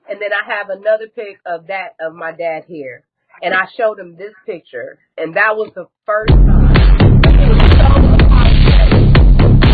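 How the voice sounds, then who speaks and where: A woman's voice: medium pitch, narrow, tinny audio. A woman as a guest on a live stream, telling a painful personal story in a candid, blunt way and swearing often.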